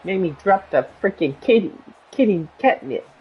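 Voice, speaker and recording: A gaming streamer chatting casually while playing, rambling and animated as they jump from one topic to the next. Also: medium pitch, moderate pace, highs cut off, a little hiss or hum.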